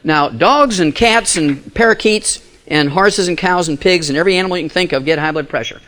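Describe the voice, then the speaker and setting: A man's voice: high voice, brisk, fairly bright tone. A man giving a live health lecture to an audience, folksy and emphatic, full of rhetorical questions.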